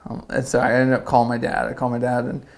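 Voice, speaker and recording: A man's voice: mid-range voice, completely flat delivery, racing. A young man from South Carolina, a surfer and podcast guest, telling a story casually and rambling with lots of "like". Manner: rambling, lots of "like", acts out quotes.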